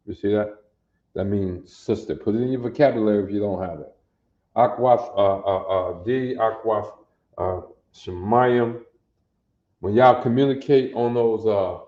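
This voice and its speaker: Detroit guy teaching a hebrew phrase, slow and slangy, echoey muffled room. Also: medium pitch, dark tone. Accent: Detroit African American Vernacular English. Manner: slow, repetitive, street-slang teaching with call-and-response questions. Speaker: language teacher. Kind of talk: teaching a Hebrew phrase class to an online group. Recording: echoey room, dull lo-fi sound.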